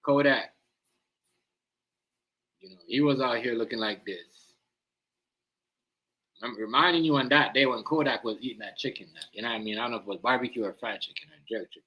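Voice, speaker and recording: A man's voice: medium pitch, fairly quick, long pauses, bright, forceful tone, rough recording. A man hosting a live stream, rambling in casual slang and often asking "you know what I mean".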